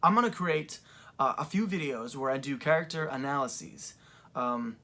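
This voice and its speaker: A young man in a casual commentary vlog, recapping events in a loose, rambling way full of ums and likes. His voice sits at an ordinary middle pitch, and a chair creaks under him as he talks. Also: animated, normal speed, pushed and bright. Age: young adult. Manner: rambling, filler-heavy retelling. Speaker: wrestling fan reviewer.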